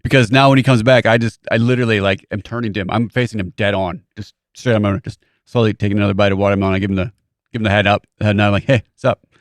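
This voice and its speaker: Quick, rambling male podcast co-host. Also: lowish voice, steady tone, no echo, clean studio sound. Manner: rambling, halting, full of "like". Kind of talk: casual storytelling chat.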